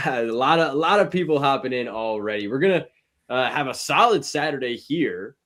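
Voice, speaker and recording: A man's voice: mid-range voice, lively intonation, normal speed, fairly bright tone. A man hosting a live sports betting show, chatting casually and greeting viewers in the chat. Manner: rambling, upbeat, greets chat viewers by name.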